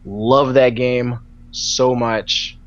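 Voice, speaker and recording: A man's voice: mid-range voice, steady tone, very slow. A man joining a podcast over a video call, chatting hesitantly with lots of ums. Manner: hesitant, many ums, playful. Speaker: podcast guest. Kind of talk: casual chat. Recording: dull lo-fi video call audio.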